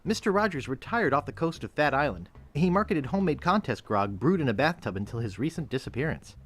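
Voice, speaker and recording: A man voicing the dry, deadpan narration of a video game. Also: on the high side, fairly quick.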